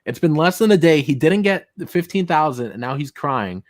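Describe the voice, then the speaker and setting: A man's voice: fairly high pitch, very animated, moderate pace, no echo, studio quality. A man hosting a casual talk show, reading messages aloud with sarcastic asides and frequent laughter. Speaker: show host.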